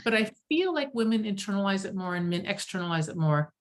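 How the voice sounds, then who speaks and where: A woman hosting a casual group chat, telling stories in an animated, self-deprecating way. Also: medium pitch, fast.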